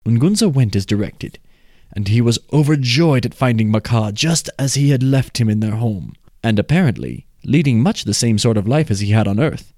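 A man reading a folk tale aloud in a measured, expressive way. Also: mid-range voice, dry recording, studio quality. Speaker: storyteller.

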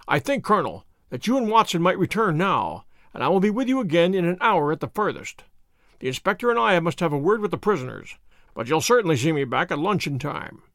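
A man's voice: high voice, big pitch swings, a little fast, a bit bright, no room sound, studio quality, full character voice. A man doing a cool, curt detective. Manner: crisp and curt. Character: cool, commanding male detective.

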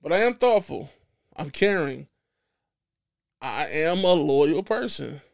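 A man's voice: a little high, big pitch swings, slow pace, creaky. A man talking bluntly and profanely in casual podcast chat, emphatic and preachy, restarting his phrases often. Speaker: podcast guest.

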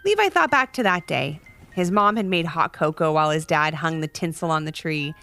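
Expressive woman reading a children's story. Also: sits low, moderate pace, gravelly, soft background music.

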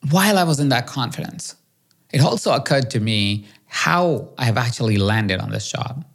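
A man from India, hosting a solo podcast and telling a self-mocking personal story with lively swings in pitch. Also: creaky. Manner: animated, self-mocking, quick shifts in pitch. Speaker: podcast host.

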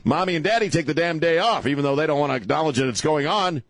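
A middle-aged man hosting a talk radio show, ranting sarcastically and slipping into mocking high voices. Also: expressive, quick pace, a bit bright, dry recording.

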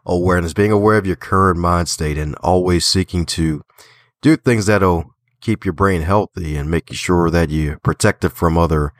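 A man's voice: low voice, normal speed, no echo. A man from Baltimore with a slight Southern twang, a guest in an interview, talking in an upbeat, folksy way and laughing often. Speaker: guest author and podcaster. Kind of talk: casual interview talk.

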